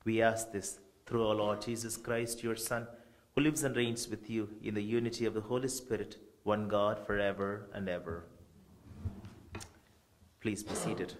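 Male priest, low register, measured liturgical delivery at a funeral. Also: fairly even intonation, slight background noise.

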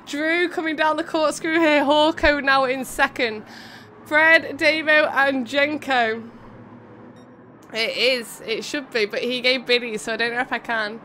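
This is live race commentary and chat: a young woman streamer covers a racing game event, bubbly and giggly, talking to viewers between calls. She speaks unhurriedly in a high-pitched, steady, sharp voice, with slight background noise.

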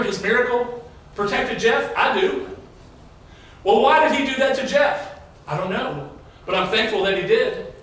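High-voiced middle-aged pastor in a booming hall. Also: male voice, fairly bright tone. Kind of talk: sermon. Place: large church sanctuary. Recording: very echoey hall, mic far off.

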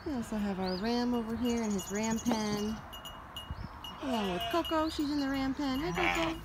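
A woman giving a casual walk-around farm vlog, chatty, switching to a high sing-song voice for her animals. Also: moderate pace. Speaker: farmer vlogger. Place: outdoors on a farm. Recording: loud outdoor noise with animal sounds.

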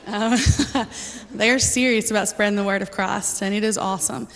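Speaking at normal speed, this church member shares her testimony with the congregation in a medium-pitched, slightly bright voice with vocal fry and fairly even intonation. Her manner is casual yet earnest, full of ums and little laughs, and the sanctuary's reverberant acoustics are audible.

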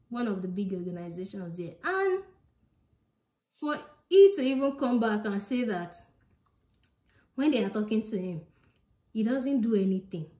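A woman's voice: a little high, mellow, reverberant. A woman with a Nigerian accent talks casually to her viewers in a vlog. She is chatty and emphatic and repeats her points directly to the camera. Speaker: vlogger.

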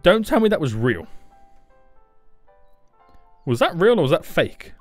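Excitable male game streamer, dry close voice, faint music behind. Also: on the high side, a little slow, no room sound. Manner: excitable, bursts into shouting. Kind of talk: live game stream commentary.

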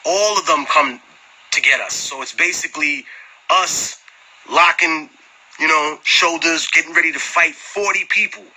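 Bright, husky New man telling stories. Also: on the high side, unhurried, low-quality recording. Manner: animated, swearing storyteller who laughs often. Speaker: rapper answering fans on a live stream. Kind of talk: casual storytelling chat. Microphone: phone.

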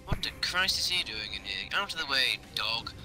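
A man's voice: medium pitch, very animated, moderate pace, bright, forceful tone, faint music behind. A man commentating a tank game in a hammy mock-posh officer manner, swearing often. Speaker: gaming commentator. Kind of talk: mock-posh gameplay banter.

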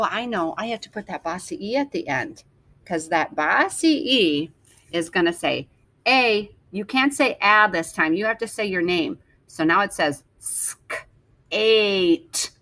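A woman teacher slowly sounding out letters and words for young children in a phonics lesson. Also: mid-range voice, a bit bright, no room sound. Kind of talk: early-reading phonics lesson.

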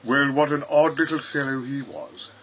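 A man playing an eccentric, chuckling gentleman time traveller who rambles and mutters to himself in a fan-made audio parody. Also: mid-range voice, expressive, normal speed, breathy edge.

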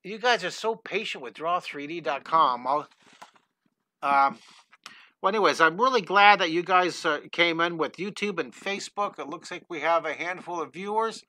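In a live online drawing class, an older teacher greets his viewers by name in an excitable, scattered way. He speaks at a normal speed with a slightly high voice into a headset mic in his home studio.

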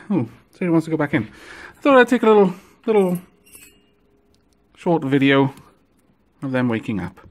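A man filming a casual vlog of his pet ferrets, cooing to them in gentle baby talk. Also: on the high side. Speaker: vlogger.

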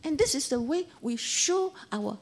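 Animated Singaporean woman in her sixties. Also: high-pitched, a little slow. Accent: Singaporean English. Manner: animated storytelling with local slang. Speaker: Dharma speaker. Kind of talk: anecdotal Dharma talk.

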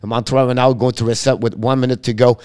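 A man calling live hockey play-by-play in halting English, breaking off to chat with viewers. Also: medium pitch, flat delivery, darkish tone, smooth. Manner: halting non-native English, rapid call of the action; chats with viewers between plays.

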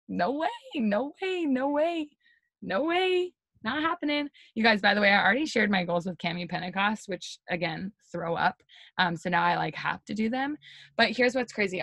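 A woman's voice: lowish voice, gravelly, no room sound. Chatty, upbeat woman on a video call. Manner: energetic, chatty, lots of "like" and "you guys". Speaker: team leader giving a pep talk. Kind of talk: motivational talk on a video call.

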